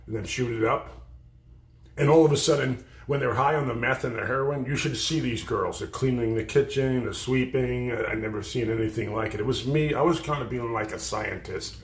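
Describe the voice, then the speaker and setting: A man hosts a livestream and tells stories in a blunt, rambling, profanity-heavy way, at an average pitch for a man. His voice echoes around a roomy space. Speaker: livestream host. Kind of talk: storytelling on a livestream. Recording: roomy echo.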